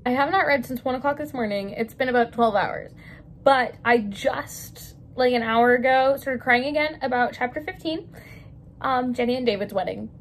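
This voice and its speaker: A young woman with a high voice gushes excitedly in a casual vlog. She often laughs between her sentences. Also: normal speed, slight background noise. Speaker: book vlogger. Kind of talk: casual vlog book reaction.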